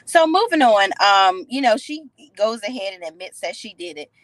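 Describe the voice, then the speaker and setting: A woman's voice: mid-range voice, normal speed, no echo, poor audio. Sassy woman recapping a TV episode. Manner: sassy, opinionated, animated retelling. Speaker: TV show recap reviewer. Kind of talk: casual episode recap and commentary.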